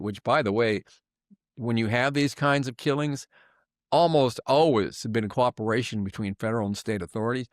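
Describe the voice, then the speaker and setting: A man's voice: mid-range voice, normal speed, no room sound, clean studio sound. An older man delivering an angry, sarcastic political commentary monologue, emphatic and heated.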